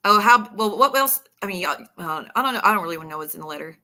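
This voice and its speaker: A woman's voice: medium pitch, expressive, racing, pushed and bright. A woman talking casually on a livestream, rambling as she reads her messages aloud. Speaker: streamer.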